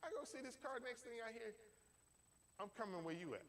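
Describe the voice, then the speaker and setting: A man's voice: very high voice, lively intonation, fairly quick, fairly bright tone. A man preaching a sermon in a church, telling a folksy personal story with emphatic delivery. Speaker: pastor.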